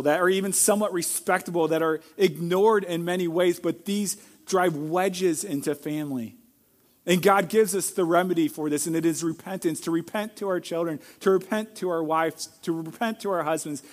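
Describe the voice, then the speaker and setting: A middle-aged man with a fairly high voice preaches a sermon as pastor. He speaks earnestly and directly to the congregation. He sometimes jumps into acted-out quotes at a much louder level. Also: normal speed. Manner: earnest, acts out quoted lines with sudden loud outbursts.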